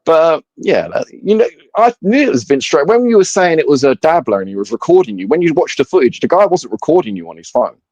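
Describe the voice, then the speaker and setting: A man's voice: on the high side, big pitch swings, fairly quick, a little mellow, no echo, muffled recording. A man co-hosting a live stream, chatting in an easygoing way and swearing casually.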